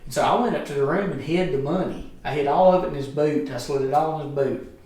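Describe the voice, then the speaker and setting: A man's voice: on the high side, quick pace, darkish tone. A middle-aged man, a guest telling a profane, rambling story in casual chat. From Alabama, US. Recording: echoey room, distant mic.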